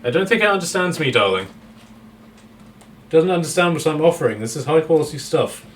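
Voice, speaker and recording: A man's voice: fairly high pitch, lively intonation, a little fast, far from the mic, slight background noise, voice pushed up, natural voice. A man voicing a posh, flirtatious male captive who drawls "darling" at everyone, in a tabletop game. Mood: flirty.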